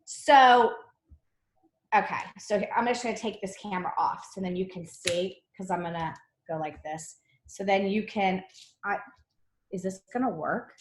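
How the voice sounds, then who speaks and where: This woman's voice is medium in pitch and a little slow as she teaches a live online cookie decorating class. She sounds bubbly and chatty, lets out a slight cough, and the room echoes.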